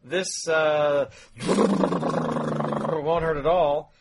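A man's voice: on the high side, sing-song, drawn-out words, creaky, heavy background noise, heavily acted. A man voicing a sleazy fake doctor in a comedy podcast sketch, hesitant and full of uhs, falsely soothing. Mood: smarmy. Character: sleazy quack male doctor. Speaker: podcast co-host.

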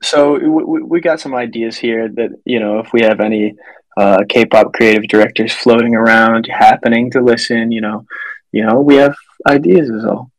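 A man's voice: medium pitch, fairly even intonation, normal speed, rough recording. A man co-hosting a podcast, chatting casually in a laid-back, rambling way. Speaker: podcast co-host. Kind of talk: casual chat.

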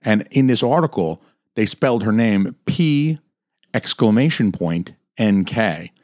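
A low-voiced man hosts a solo podcast, ranting in a rambling, foul-mouthed way. His voice sits close and dry on a studio mic with no room sound. He swears constantly and drifts crudely from one gripe to the next. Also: lively intonation, unhurried, a little mellow, no echo. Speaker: podcast host.

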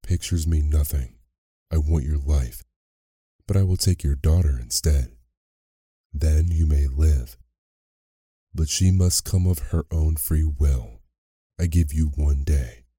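Guy reading a huge angry beast, growly and proud, slow heavy words, super deep. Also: dark tone, breathy edge, dry recording, clean studio sound, full character voice. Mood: commanding. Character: huge ugly male beast, furious and proud. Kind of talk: bedtime story reading.

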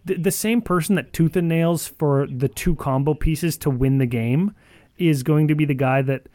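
This podcast co-host is a man with a fairly high, mellow voice, recorded dry. He rambles sardonically and profanely about card games, filling his casual chat with lots of "like."

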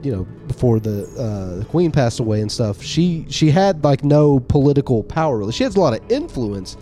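A man's voice: medium pitch, big pitch swings, brisk, dark tone, soft background music. A man co-hosting a podcast, chatting casually in a group and rambling through stories and jokes. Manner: rambling storyteller, tells jokes. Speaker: podcast co-host.

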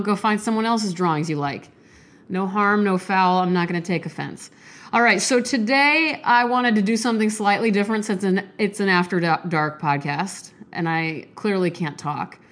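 Sniffly, apologetic woman podcast host. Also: medium pitch. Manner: chatty, self-deprecating, apologetic, swears casually. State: sick, stuffy nose, sniffling. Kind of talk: casual solo podcast monologue.

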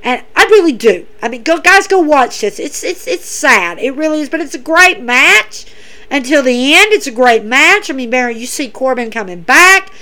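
A woman's voice: high voice, sing-song, moderate pace, sharp tone. A woman hosting a podcast, recapping in a casual, chatty way, emphatic and repeating herself as she talks to her listeners. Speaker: podcast host.

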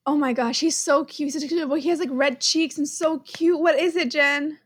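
A woman's voice: sits high, steady tone, a little fast, few pauses, no room sound. A young woman co-hosting a casual podcast, giggly and nervous, dropping slang as she guesses quiz answers. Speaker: podcast co-host, quiz contestant. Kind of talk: casual chat.

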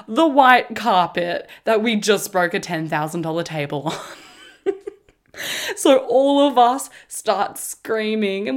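A woman, telling a story on her podcast in a casual, animated way, swearing freely and laughing as she goes. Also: medium pitch, slow. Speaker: podcast host.

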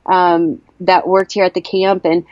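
A woman's voice: fairly low pitch, flat delivery, unhurried, darkish tone, no echo, muffled recording. A woman around forty at a camp, telling a personal story in an earnest, heartfelt way that halts and restarts often. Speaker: interviewee sharing a personal story.

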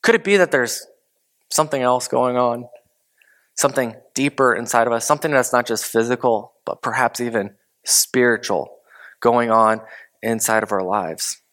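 A man preaching a conversational sermon as pastor, asking rhetorical questions and swinging between loud emphasis and hushed, low asides. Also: normal speed.

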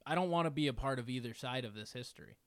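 A man's voice: mid-range voice, rapid-fire, no echo, clean studio sound. A young man guesting on a comedy podcast, sarcastic and full of mock-insulting banter. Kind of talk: casual comedic podcast chat.

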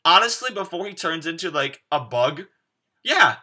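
A man co-hosting a podcast in casual chat, rambling with lots of "like" fillers and quoting people in animated bursts. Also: a little high, moderate pace. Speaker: podcast co-host.

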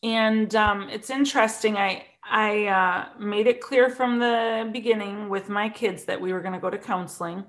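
A woman's voice: medium pitch, fairly even intonation, normal speed, hardly any pauses. A woman in a casual conversation, talking earnestly and openly about feelings. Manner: earnest, openly emotional talk. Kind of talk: casual chat.

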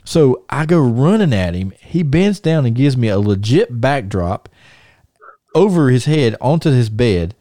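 Guy hosting a podcast, warm low-key voice, rambly and animated, dry close mic. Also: measured pace, no room sound. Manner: rambling, many restarts and fillers, animated. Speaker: podcast host. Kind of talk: casual storytelling and show segment intro.

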